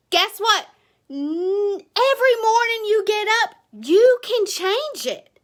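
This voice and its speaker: A woman's voice: very high-pitched, a bit bright. A woman, giving a blunt, passionate motivational talk to her sales team. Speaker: direct sales team leader.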